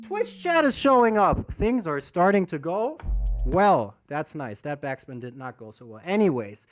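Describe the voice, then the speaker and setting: Lively, swearing DJ man teaching. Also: a little high, measured pace. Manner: animated, swears a lot, self-mocking. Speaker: DJ teaching a live workshop. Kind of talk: casual livestream teaching. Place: alone in a room under a bright light.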